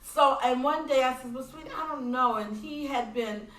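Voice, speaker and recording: A woman guest on a podcast telling a personal story in an earnest, animated way and speaking of her faith. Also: high voice, normal speed. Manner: animated, acts out voices in quoted dialogue. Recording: roomy sound from a distant mic.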